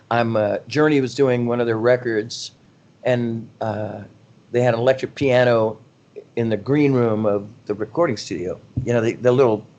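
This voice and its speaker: A middle-aged man of ordinary pitch, speaking as a guest rock singer. He tells loose, rambling stories in a relaxed chat and laughs at himself along the way. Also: dull audio. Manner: animated, rambling anecdotes with frequent laughs and self-deprecation. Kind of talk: casual interview storytelling.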